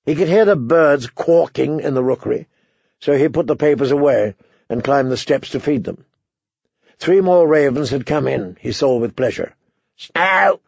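A man narrating an audiobook in a steady storytelling manner. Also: mid-range voice, moderate pace, vocal fry, slightly rough, no echo. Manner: steady storytelling, voices characters. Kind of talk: scripted narration. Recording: dry, slightly dull recording.

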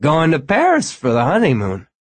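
A man voicing a gruff, drunk wedding guest on the phone, loud and slurring. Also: medium pitch, steady tone, slow, dry recording, pitched above the performer's own voice, full character voice. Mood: drunk jovial.

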